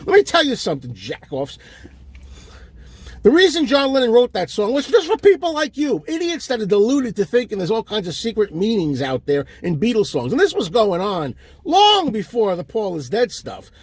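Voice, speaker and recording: A man with a high-pitched voice and no room sound delivers an exasperated comedic tirade. As a comic ranting host, he insults his listeners throughout the rant.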